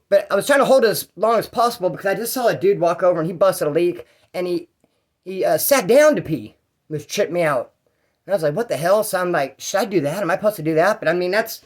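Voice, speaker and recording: A man telling his own jail stories in a casual, rambling, slang-heavy way. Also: on the high side. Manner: rambling and slangy, with fillers and restarts. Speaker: storyteller. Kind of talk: casual first-person jail story.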